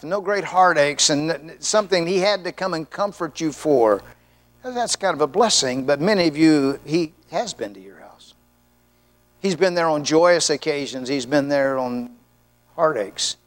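Animated storytelling preacher, man, slightly high voice. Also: normal speed. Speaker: pastor. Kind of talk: sermon with storytelling.

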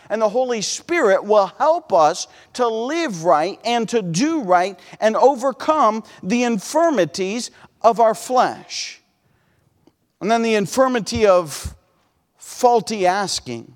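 Folksy middle-aged male preacher, high voice, long hall echo behind him. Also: lively intonation, measured pace. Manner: folksy, repeats "man" and restarts words. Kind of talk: sermon.

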